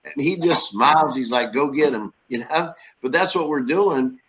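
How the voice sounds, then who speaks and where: A man's voice: on the high side, moderate pace, a bit bright, low-quality recording. A man in lay ministry describing his work in a plainspoken, folksy, rambling way. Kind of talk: casual chat.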